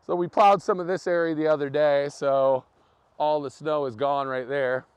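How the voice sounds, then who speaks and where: Outdoors in freezing wind and snow, a man hosts a casual live vlog, chatting and laughing with viewers through a camera on a tripod. His voice is fairly high and smooth, with fairly even intonation at a moderate pace and no echo.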